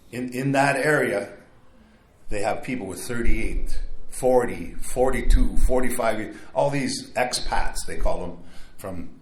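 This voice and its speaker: An older man sharing his recovery story at a meeting in a rambling, casual way, with wry asides. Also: on the low side. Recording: echoey room, faint background.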